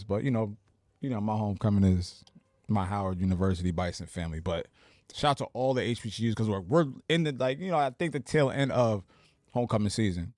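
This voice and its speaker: A man in his forties from New Jersey tells stories of his radio days as a podcast guest. His voice sits on the low side and the sound is dry and close. He talks in a relaxed way, full of fillers. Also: no room sound. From Plainfield, New Jersey. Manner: relaxed storytelling with many fillers. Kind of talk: casual podcast interview.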